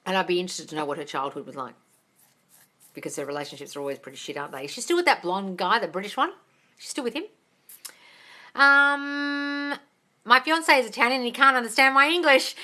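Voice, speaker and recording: Bright, chatty woman host. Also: on the high side, quick pace. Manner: chatty and animated, swears freely, laughs often. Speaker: manifestation coach, live Q&A host. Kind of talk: casual live-stream chat.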